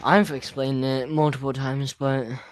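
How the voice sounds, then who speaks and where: A young man arguing as a guest in a heated debate, dismissive and taunting, with curt, flat replies. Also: medium pitch, normal speed.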